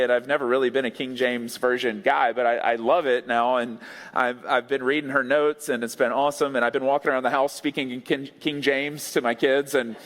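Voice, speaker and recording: A man's voice: a little high, fairly bright tone. A male pastor giving an earnest, conversational sermon with playful asides. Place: large church sanctuary. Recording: long church hall reverb.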